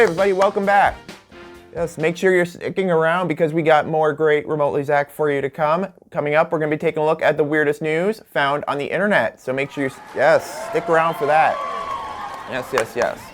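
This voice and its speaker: Joking late-night host, a man. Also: fairly high pitch. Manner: jokey, laughs at his own bits, stretches words for emphasis. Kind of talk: comedic late-night talk show hosting.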